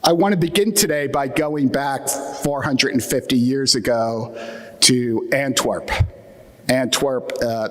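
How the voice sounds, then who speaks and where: A man's voice: mid-range voice, a bit bright. A man with a Mid-Atlantic American accent, from that region, giving a wry, joking conference talk with plenty of fillers. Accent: Atlantic Midland American. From US Atlantic Midland region. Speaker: conference keynote speaker. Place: conference hall with audience. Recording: reverberant hall.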